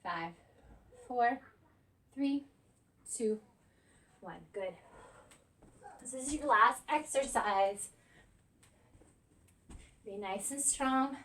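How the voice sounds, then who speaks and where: A woman's voice: fairly high pitch, fairly bright tone, a little hiss or hum. Breathless woman coaching a home workout. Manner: encouraging, counting down reps between breaths. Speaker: fitness instructor. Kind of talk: coaching a workout while exercising. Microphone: camera on a tripod at a distance. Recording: voice from a distance.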